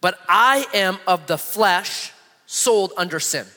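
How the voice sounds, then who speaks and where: A man preaches with a high, lively voice that rises and falls constantly. He slows right down to read scripture aloud. His words ring out with a long reverb, as in a large church hall. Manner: animated preaching, reading scripture aloud slowly. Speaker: pastor. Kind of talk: sermon.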